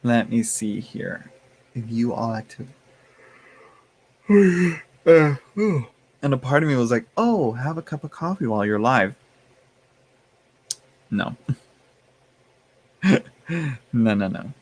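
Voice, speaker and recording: A man's voice: medium pitch, sing-song, takes it slowly, long pauses, a little mellow. A man hosting a casual live stream, chatting with viewers, laughing often and reading the chat aloud. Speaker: tarot livestream host.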